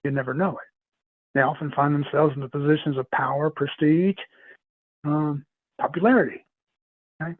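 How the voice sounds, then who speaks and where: Over a tinny line that sounds like a phone, a guest on a podcast recounts lengthy paranormal stories, wandering off track, saying things twice, and laughing frequently. His voice runs a little high, and the recording is dry.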